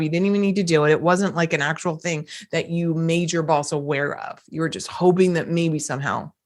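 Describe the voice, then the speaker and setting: A woman hosting a motivational podcast, talking emphatically and repeating phrases for effect. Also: fairly low pitch. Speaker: podcast host, coach.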